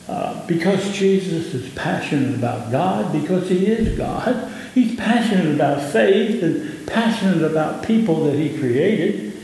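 A man with a Southern US accent, a pastor giving an impassioned sermon that rises in pitch on key points. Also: dark tone, slight background noise. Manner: impassioned preaching, rising in pitch on emphasis. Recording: echoey hall with long reverb.

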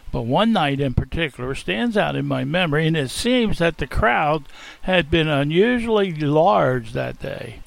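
Man telling a first-person story in character, folksy and theatrical, gravelly voice, kinda high. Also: poor audio. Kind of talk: first-person dramatic monologue.

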